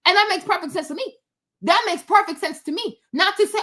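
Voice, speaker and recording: Emphatic high-voiced woman host commentating. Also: animated, fairly quick, a bit bright. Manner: emphatic, repeats herself, fillers like "right?" and "okay?". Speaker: channel host. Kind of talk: casual commentary to viewers.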